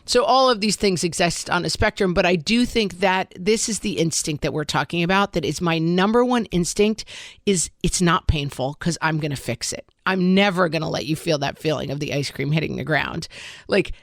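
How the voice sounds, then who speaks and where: Middle-aged woman cohosting a parenting podcast, kinda low voice, candid and rambly, dry studio sound. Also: moderate pace, dry recording. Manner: candid, self-deprecating, talks through thoughts with many "like"s. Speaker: podcast co-host. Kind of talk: casual parenting chat.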